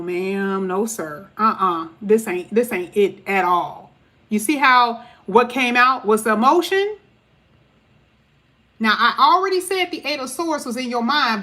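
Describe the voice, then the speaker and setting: A woman's voice: mid-range voice, bright, forceful tone. A woman giving a casual, chatty tarot reading to her viewers, emphatic and full of casual slang. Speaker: tarot reader.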